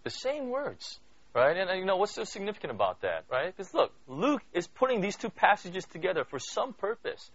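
A man's voice: high voice, sing-song, normal speed, a bit bright, dry recording. A man giving a conversational Bible study sermon, asking listeners questions and filling his talk with "you know" and "right?". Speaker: Bible teacher. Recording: dull lo-fi dry recording.

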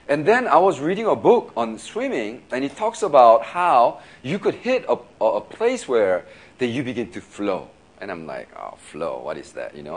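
A male pastor preaching in a casual, storytelling way, laughing often and filling his talk with "you know" and quick restarts. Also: medium pitch. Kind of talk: sermon storytelling.

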